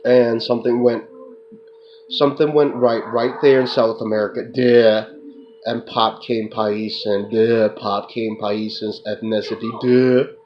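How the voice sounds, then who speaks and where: Man, rambling profane monologue, flat monotone, muffled lo-fi recording, loud hiss. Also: mid-range voice, a little slow. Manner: repetitive, profane, tacks on "duh"; addresses an unseen listener. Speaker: self-described remote viewer.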